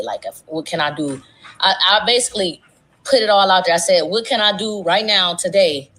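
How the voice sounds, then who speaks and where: A woman streamer telling a long, profane storytime tale in a casual, animated way, her voice jumping high for quoted lines. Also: a little hiss or hum. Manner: animated, profane, dramatic voice swings.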